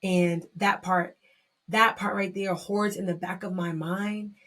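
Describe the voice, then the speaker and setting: Young woman doing a solo podcast, open and emotional, lots of restarts, gets excited fast. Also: mid-range voice. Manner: candid and emotional, with frequent restarts and bursts of excitement. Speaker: podcast host. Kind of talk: personal reflective monologue.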